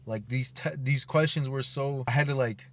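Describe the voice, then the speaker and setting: A man's voice: mid-range voice, fairly even intonation, moderate pace, a little hiss or hum. A young man, a personal trainer, telling a rambling casual story full of fillers and swearing.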